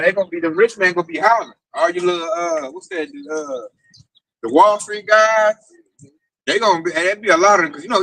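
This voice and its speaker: A man with a very high, very bright voice, preaching in a group discussion and reading scripture aloud at length. The sound is dry and close, with no room around it. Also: creaky, no echo, poor audio. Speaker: camp teacher.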